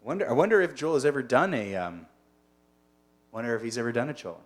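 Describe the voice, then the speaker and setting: A man's voice: mid-range voice, very animated, quick pace. A man teaching as a rabbi in a casual online lunch-and-learn, chatty and digressive, often asking his listeners questions.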